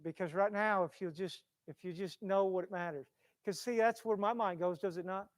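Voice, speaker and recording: High-voiced guy preaching, gets loud then drops real quiet, repeats himself a lot, dry close sound. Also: moderate pace, no room sound. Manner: impassioned, swings from loud to hushed, repeats phrases. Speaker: pastor. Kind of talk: sermon. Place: church.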